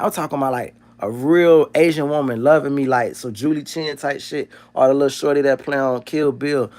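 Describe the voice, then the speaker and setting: A man hosting a livestream, talking in a loose, profane, joking rant. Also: a little high. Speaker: livestream host.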